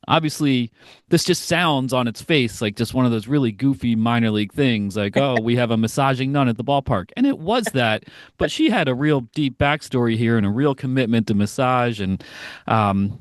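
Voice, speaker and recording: A man hosting a baseball podcast, introducing a guest and asking questions in a relaxed, conversational way with frequent fillers. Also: medium pitch, dry recording, clean studio sound. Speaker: podcast host. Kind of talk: casual interview podcast.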